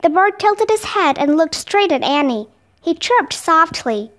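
A woman reading a children's chapter book aloud, narrating clearly and expressively. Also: very high voice, very animated, measured pace, a bit bright. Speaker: storybook reader.

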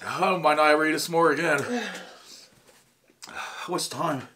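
A man's voice: a little high, fairly even intonation, unhurried, noisy background. A man with an Ohio accent chatting casually on a food challenge vlog while gasping and groaning through burning heat. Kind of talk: casual chat.

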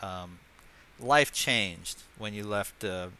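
A man hosting an interview, halting and hesitant, with many restarts. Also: fairly low pitch, bright, forceful tone, slight background noise. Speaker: interview host.

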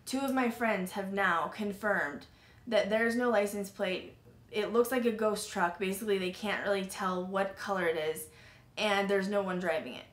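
A woman hosting a paranormal podcast tells her own story in a loose, animated way, with lots of "like" fillers and the odd curse word. Her voice sits at an ordinary middle pitch for a woman. The room around her gives a noticeable echo. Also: normal speed. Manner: animated, filler-heavy retelling with frequent "like" and swearing. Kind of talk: casual storytelling. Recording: roomy echo.

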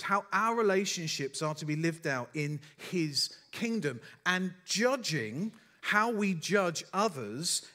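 A man's voice: sits high, fairly bright tone. A man as the preacher, giving a sermon and telling stories with dry, self-deprecating humour. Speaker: pastor.

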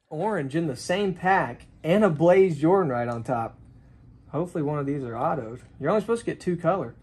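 A man giving excited pack-opening commentary with a high, lively voice. His pitch leaps around as he bursts into exclamations at each card, then settles into quick remarks about what he pulled. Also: breathy edge. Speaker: card collector opening packs.

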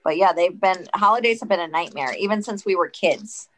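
A woman co-hosting a podcast who chats casually and candidly about recovery, with an expressive delivery and some swearing. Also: lowish voice, a little fast, slight background noise. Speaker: podcast co-host. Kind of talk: casual chat.

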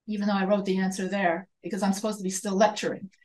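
A woman's voice: medium pitch, flat delivery, quick pace, a little mellow, poor audio. An American woman teaching an online grammar lecture, explaining step by step, repeating points and correcting herself. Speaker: writing instructor.

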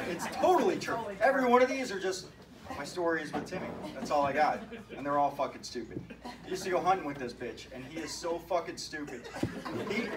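Man, roast speech, profane rambling stories, high-ish voice, far from the mic, loud crowd. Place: hall at a retirement party. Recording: echoey hall recorded from far off with crowd noise.

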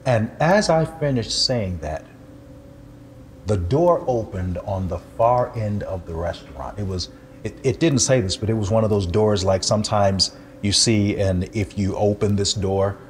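This is an older man, a pastor, telling a personal testimony with animated storytelling and a self-deprecating sense of humor. His voice sits low. A faint background hiss runs beneath his words. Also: measured pace.

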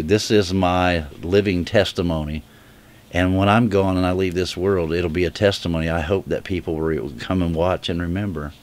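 Guy telling his faith testimony to the camera, deepish voice, choked up and halting, keeps restarting. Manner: emotional, halting, with frequent restarts; earnest direct appeal to viewers. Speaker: person giving a religious testimony. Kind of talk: heartfelt personal testimony to camera.

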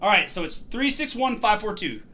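Jumpy horror gamer thinking out loud, bouncy pitch, bright voice, yelps at scares. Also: very animated, moderate pace, a little hiss or hum. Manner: jumpy, exclaims loudly at scares; thinks aloud while solving puzzles. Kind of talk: let's play commentary.

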